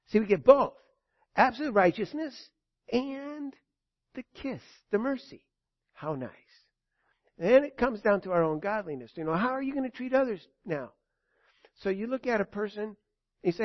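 A preacher with a fairly high voice gives an animated sermon, repeating key phrases and asking his listeners questions. The recording sounds dull and lo-fi. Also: moderate pace, no echo.

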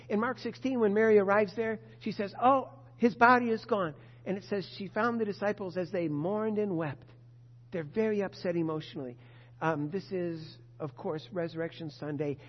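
A pastor preaching a sermon to his congregation, emphatic and expressive. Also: sits high. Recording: dull lo-fi sound with long reverb.

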